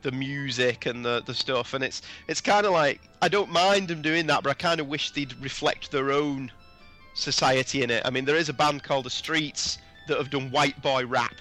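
A man's voice: mid-range voice, moderate pace, bright, forceful tone, soft background music. A British man in a casual chat, blunt and opinionated, with some swearing.

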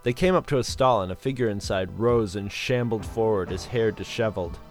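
A man's voice: fairly low pitch, a little fast, soft background music. A man narrating a story as an audiobook, dry and matter-of-fact.

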